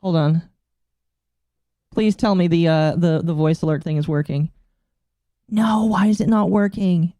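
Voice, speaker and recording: A woman's voice: fairly low pitch, a little slow, long pauses, dark tone, dry recording, clean studio sound. A woman VTuber streamer chatting casually to her live audience, flustered and exasperated as she fiddles with her settings and talks to herself.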